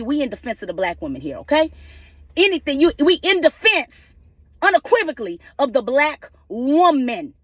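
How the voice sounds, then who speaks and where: A woman's voice: high voice, fairly bright tone, no echo. A woman ranting passionately in her car, swearing freely and firing off rhetorical questions. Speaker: vlogger ranting on legal news. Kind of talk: impassioned rant.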